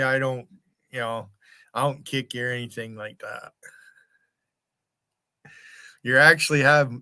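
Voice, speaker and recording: Pushed and bright, this American man's mid-range voice comes through clean studio audio without echo. As a livestream host, he mocks his chat viewers, swearing and taunting them in a rant.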